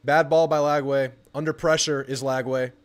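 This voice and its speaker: A young man hosting a live football watch party, chatting casually about the game and bursting into excited yelling at the TV on big plays. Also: medium pitch, moderate pace. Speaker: sports channel host.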